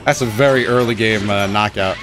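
A man giving excited, self-mocking commentary over his own fighting-game matches, groaning at losses and cheering at wins. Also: lowish voice, brisk, background noise. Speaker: gaming channel host. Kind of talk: live gameplay commentary. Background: game music and sound effects.

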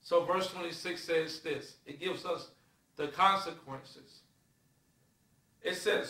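A man preaching a sermon, emphatic and swinging between loud and soft. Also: a little high, takes it slowly, long pauses. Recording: echoey room from far off.

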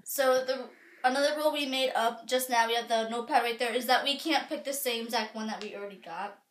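A woman's voice: a little high, fast. A young woman chatting casually and giggling nervously while trying strange jelly beans for her vlog. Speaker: vlogger. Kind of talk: casual chat.

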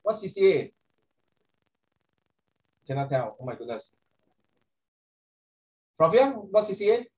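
A middle-aged man with a Singaporean accent, tutoring a class online, animated and calling on students by name. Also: sits high, takes it slowly, pauses often. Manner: animated, code-switching, questions students by name.

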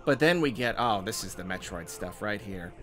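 A man's voice: fairly low pitch, animated, normal speed, a bit bright, soft background music. A man hosting a video game channel, giving enthusiastic, rambling reaction commentary on a trailer. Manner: enthusiastic, rambling with fillers and restarts.

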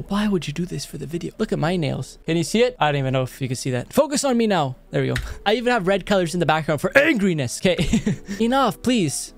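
Lively, exasperated young-sounding man reacting. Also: sits high, fast talker, vocal fry. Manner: animated, exasperated outbursts with frequent laughs. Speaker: reaction video host. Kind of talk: casual reaction commentary. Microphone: headset microphone.

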